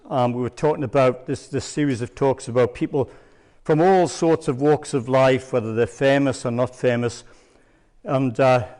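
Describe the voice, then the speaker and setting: An older man giving a church testimony as a rambling, hesitant storyteller with many pauses and ums. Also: mid-range voice, darkish tone. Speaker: church speaker. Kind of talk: sermon testimony.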